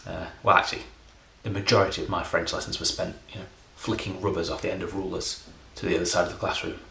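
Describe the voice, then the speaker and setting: A middle-aged man from England, a comedy magician, rambling through a deadpan, self-deprecating monologue. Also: deep voice, quick pace, gravelly, roomy sound, a little hiss or hum.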